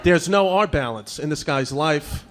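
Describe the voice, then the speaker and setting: A man's voice: fairly high pitch, expressive, a little slow, some chatter behind. A man in his thirties doing a stand-up comedy set, with an exasperated, mocking, punchy delivery.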